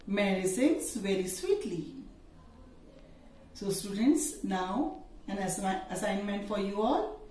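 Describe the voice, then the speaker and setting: A woman teaching an English grammar lesson, slowly reading out rules and example sentences to her students. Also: medium pitch, expressive, dark tone, a little hiss or hum. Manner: slow, deliberate, listing examples. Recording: echoey room, distant mic.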